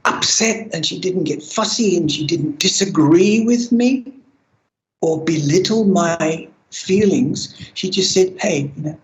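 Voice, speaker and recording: Older man, halting and reflective. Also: high-pitched, low-quality recording. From Australia. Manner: halting, with frequent restarts and soft laughs. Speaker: interviewee sharing lived experience. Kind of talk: reflective personal account.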